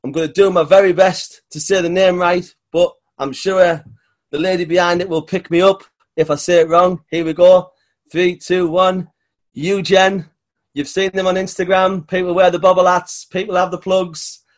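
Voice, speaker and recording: An enthusiastic man with a Northern English accent hosts a casual podcast chat. His voice sits a little high for a man, and he talks in an upbeat, friendly way. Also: level tone, moderate pace. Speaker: podcast host. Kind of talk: casual interview.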